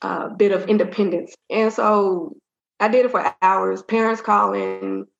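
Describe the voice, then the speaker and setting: A woman's voice: mid-range voice, fairly even intonation, measured pace, vocal fry. A woman in an interview, speaking candidly and rambling through a personal story with lots of fillers. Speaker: interview guest. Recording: roomy, dull-sounding audio.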